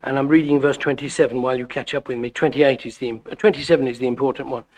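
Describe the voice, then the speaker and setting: A middle-aged man preaching a sermon, animated and full of stammered restarts. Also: very fast. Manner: animated, wide swings in pitch and loudness, frequent stammered restarts. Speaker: visiting preacher.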